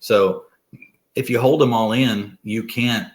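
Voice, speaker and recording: A man's voice: mid-range voice, fairly even intonation, slow. A middle-aged man talking earnestly as a podcast guest, rambling and restarting his sentences. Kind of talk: casual conversation.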